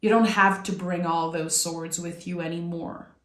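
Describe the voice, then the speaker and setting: A woman from Québec giving an intuitive tarot reading in a reflective, meandering, gently encouraging way. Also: on the low side, fairly even intonation, normal speed. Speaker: tarot reader. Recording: echoey room.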